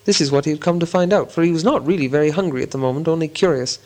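Storybook narrator, man, somewhat high-pitched, slow and deliberate. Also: darkish tone. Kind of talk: reading a storybook aloud.

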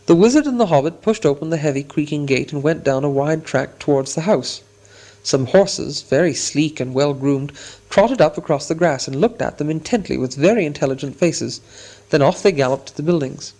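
Guy reading a storybook out loud, steady, a little high voiced. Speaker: narrator. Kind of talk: audiobook reading.

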